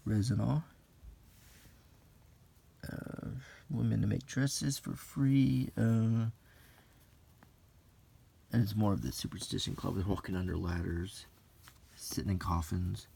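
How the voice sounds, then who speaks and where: A man from the United States softly reading aloud from an old magazine and musing in asides, in a soft-spoken unintentional ASMR style. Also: lowish voice, steady tone, slow, gravelly, pauses often, slightly rough. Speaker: host flipping through an old magazine.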